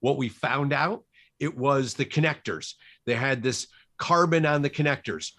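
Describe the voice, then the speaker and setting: A man being interviewed about his career, with a voice of ordinary middle pitch. He tells anecdotes from film sets in a relaxed, lively flow. He often acts out what other people said. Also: normal speed. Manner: animated, quotes people in his stories. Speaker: cinematographer guest.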